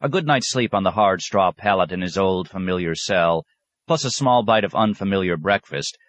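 A man reading a novel aloud as narrator, in a measured, even manner. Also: sits low, no echo. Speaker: audiobook narrator. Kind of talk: scripted narration.

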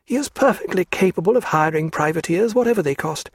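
A man's voice: high-pitched, lively intonation, fast talker, husky, dry recording, studio quality, pitched above the performer's own voice, exaggerated voice. A man voicing an anxious, defiant aristocratic woman who mutters agitated outbursts from her sickbed, in a storybook reading. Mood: fierce, fearful.

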